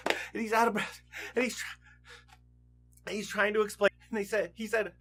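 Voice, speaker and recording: A man's voice: sits high, little pitch movement, normal speed, pauses often, a bit bright, soft background music. A man teaching a Bible lesson, telling the story vividly, like scenes from a movie.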